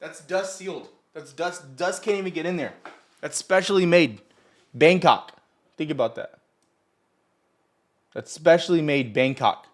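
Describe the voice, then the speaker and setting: A man's voice: a little high, moderate pace, pauses often. Rambling, boastful man hosting a livestream. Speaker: livestream host. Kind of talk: casual live market chat.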